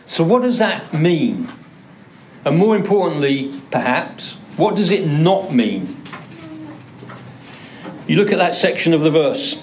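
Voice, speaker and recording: A man's voice: on the high side, big pitch swings, takes it slowly, pauses often, a little hiss or hum. A male pastor preaching a sermon, driving points home by repeating words for emphasis. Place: church.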